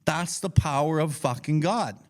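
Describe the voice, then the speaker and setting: Brief: male podcast co-host, fairly high voice, blunt and profane, teaches casually and acts out his inner voice. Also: normal speed. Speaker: podcast co-host leading a recovery book study.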